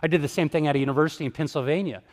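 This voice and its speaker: A man preaches to an audience, retelling his encounters and acting out both sides of each conversation with energy. His voice sits a little high for a man. The sound rings with the long reverb of a large hall. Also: rapid-fire. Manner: animated storyteller, acts out dialogue. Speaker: evangelist speaker. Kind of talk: sermon-style storytelling talk.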